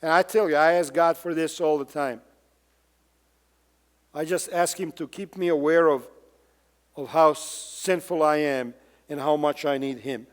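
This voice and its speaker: Man, high voice, pastor's sermon, emphatic, rhetorical questions, long church-hall reverb. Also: moderate pace, long pauses. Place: church sanctuary.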